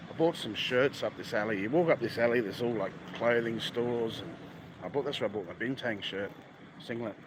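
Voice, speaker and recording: A blunt, foul-mouthed Australian man with an Australian accent chats casually on a live stream as he walks. His voice sits at an ordinary pitch. Loud traffic and street noise run under everything, as if caught on a handheld phone. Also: brisk. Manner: blunt, crude, swears heavily. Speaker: travel vlogger. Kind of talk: casual live-stream chat while walking. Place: busy street outdoors, by the beach. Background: traffic and street ambience.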